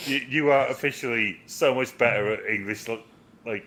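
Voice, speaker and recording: A man's voice: mid-range voice, moderate pace, bright, forceful tone. A man co-hosting a casual movie review chat, rambling and joking, swearing freely. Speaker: podcast co-host, movie reviewer.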